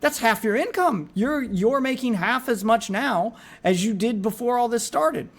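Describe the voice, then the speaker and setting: A man's voice: very high-pitched, animated, measured pace. A man streaming a reaction to a video, talking casually and with exasperation, often repeating words as he gets heated.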